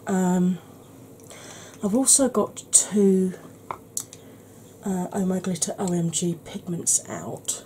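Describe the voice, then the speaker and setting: Soft-spoken woman, slightly husky. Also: lowish voice, steady tone, takes it slowly, long pauses, slight background noise. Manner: chatty, explanatory, soft-spoken. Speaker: makeup tutorial host. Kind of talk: soft-spoken ASMR makeup tutorial.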